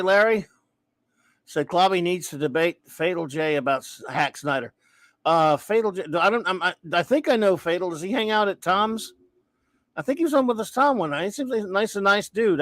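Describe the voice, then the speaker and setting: A high-pitched, somewhat bright male voice in a dry recording. He's the host of a casual live chat show, ranting, starting sentences over, and breaking off to read viewer comments aloud.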